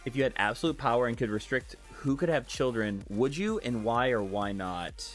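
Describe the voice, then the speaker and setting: A male streamer chats loosely with his viewers, tossing out swear words and giggles as he answers their questions. His voice leaps between high and low, with quiet music running under it. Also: normal speed. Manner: animated, giggly, profane. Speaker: live streamer. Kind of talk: casual chat, reading viewer questions.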